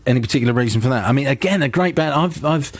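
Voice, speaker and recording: A man's voice: medium pitch, lively intonation, rapid-fire, no echo. A man hosting a casual radio interview, rambling with restarts and chuckles. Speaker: radio host. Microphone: studio microphone.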